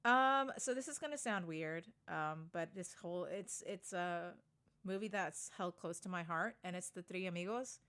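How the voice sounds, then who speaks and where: Woman co-host, bright tone, animated and swears when annoyed, casual chat. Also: fairly low pitch, moderate pace, clear, resonant tone. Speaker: podcast co-host.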